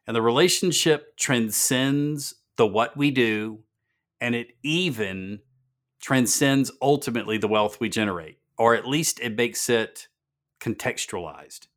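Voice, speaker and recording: A man's voice: on the low side, fairly bright tone. A man hosting a business podcast, telling stories earnestly and repeating words for emphasis. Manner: earnest storytelling, emphatic repetition. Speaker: podcast host.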